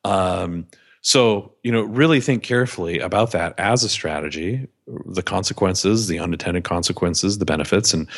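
A man with a fairly low voice talks as a podcast guest. He tells candid stories about his business and pokes fun at his own mistakes. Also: normal speed, gravelly. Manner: candid, self-deprecating anecdotes. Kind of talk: podcast interview storytelling.

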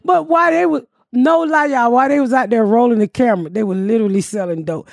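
A middle-aged woman from Atlanta, a podcast host telling a story in a profane, animated way and shouting out quotes. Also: a little high, a little fast, creaky, no echo, clean studio sound. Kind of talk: casual storytelling chat.

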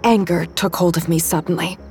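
A woman's voice: on the low side, steady tone, fairly quick, a little mellow, faint music behind. A woman narrating a novel in the first person, with tense, vivid storytelling. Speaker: audiobook narrator.

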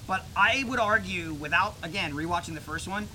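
A man co-hosting a podcast in casual banter, animated and quick to act out scenes in silly voices. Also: high-pitched, background noise. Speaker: podcast co-host. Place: hot tub.

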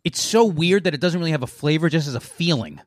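A man who is a dog trainer, a guest in a casual drinking game, reacting loudly and laughing. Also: a little high, fast talker. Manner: animated, laughing, swearing reactions.

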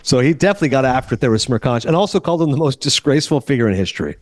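A man's voice: medium pitch, animated, no echo. A Canadian-raised man hosting a podcast, telling stories in casual movie chat. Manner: fast, chatty storytelling. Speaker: podcast host.

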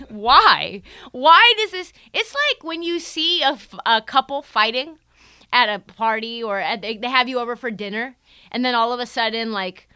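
A high, bright woman's voice swinging all over the place as she rants through casual sports commentary. She swears freely and jokes as she goes. The sound is clean, crisp and dry, with no room in it. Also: normal speed, no echo. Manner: animated, profane, jokey, acts out quotes. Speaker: podcast host.

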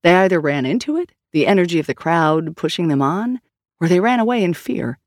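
A woman narrating a novel in a steady storytelling read. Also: fairly low pitch, fairly quick, dry recording, clean studio sound. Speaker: audiobook narrator. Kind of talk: scripted narration.

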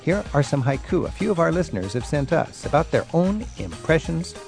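A man's voice: on the high side, sing-song, fairly quick, vocal fry, over music. A man from the United States, hosting a radio talk show as a friendly, joking interviewer. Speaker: radio host.

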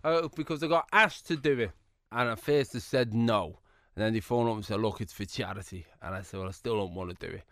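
Jokey comedian, dry studio sound. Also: male voice, on the low side, brisk, no echo. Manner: jokey, animated anecdotes with acted-out quotes. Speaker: comedian, interview guest. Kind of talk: casual storytelling interview.

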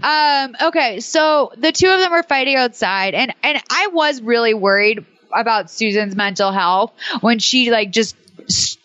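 Higher-voiced woman hosting, sardonic. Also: unhurried, fairly bright tone, no echo, dull audio. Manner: chatty, rambling, sardonic. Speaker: podcast host. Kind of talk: casual chat.

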